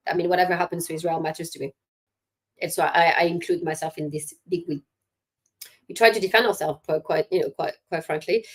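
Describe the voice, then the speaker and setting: A middle-aged woman answering interview questions, emphatic and sarcastic, pausing often with fillers. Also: fairly low pitch, darkish tone. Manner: hesitant with many fillers. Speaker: guest commentator.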